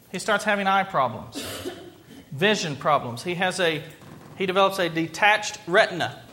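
High, bright-voiced preacher man. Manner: earnest, emphatic repetition. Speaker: pastor. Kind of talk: sermon.

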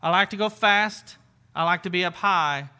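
A man with a high, bright voice gives a casual, conversational sermon as a pastor. He talks earnestly, repeats and restarts phrases, and uses light everyday examples. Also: normal speed, clean tone.

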